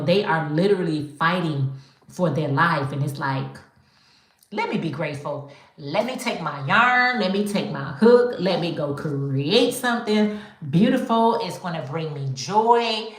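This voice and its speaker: Chatty low-voiced woman in an echoey room. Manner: chatty, addresses viewers as y'all. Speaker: livestream host. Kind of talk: casual live chat.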